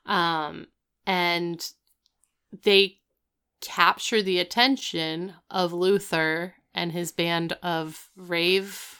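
Woman podcast co-host with a smooth, fairly low voice, wry and chatty. Good for casual recap talk. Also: fairly even intonation, very slow, bright, forceful tone. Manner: chatty, wry, lots of "like" asides. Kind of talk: casual TV episode recap chat.

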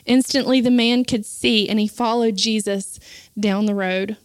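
A woman's voice: on the high side, steady tone, unhurried, clean tone, no room sound. A woman preaching a sermon, retelling scripture and rising to impassioned, fervent cries.

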